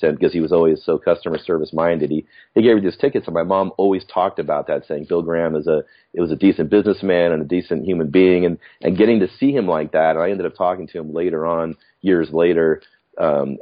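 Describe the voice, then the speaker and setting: Brief: middle-aged male podcast guest, deep voice, reflective storyteller, muffled recording. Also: fast talker. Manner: rambling, reflective, with frequent restarts. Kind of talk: casual storytelling chat.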